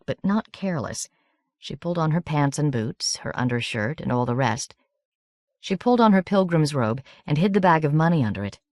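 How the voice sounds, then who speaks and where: A woman narrating a novel as an audiobook in a steady, measured reading. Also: sits low, no echo, studio quality.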